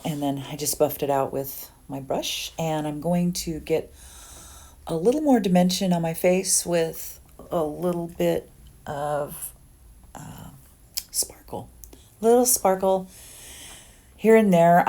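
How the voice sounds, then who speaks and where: A woman in her sixties with a low, mellow voice talks through her makeup at home as if chatting with friends. She rambles a little, trailing into ums and side remarks as she works. Her tone stays easygoing and conversational. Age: 60s. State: under the weather. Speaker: beauty vlogger. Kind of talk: casual get-ready-with-me makeup tutorial.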